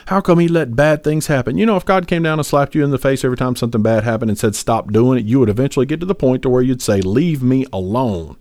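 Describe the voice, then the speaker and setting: A man's voice: mid-range voice, very fast, hardly any pauses, a little mellow, dry recording, studio quality. A man co-hosting a podcast, talking about faith in an earnest, rambling way with many fillers and restarts. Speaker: podcast co-host. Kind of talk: casual faith discussion.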